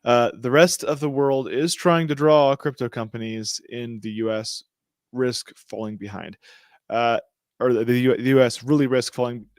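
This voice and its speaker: A man's voice: mid-range voice, normal speed, dry recording, clean studio sound. A man co-hosting a casual podcast, reading news aloud with slangy jokes and cheerfully stumbling over his words. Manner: joking, slangy, trips over words and laughs it off. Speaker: podcast co-host.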